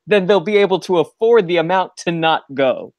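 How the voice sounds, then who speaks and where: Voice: medium pitch, lively intonation, normal speed, a little mellow, dry recording, highs cut off. A podcast co-host chattily retelling an episode in casual chat, rambling with filler words.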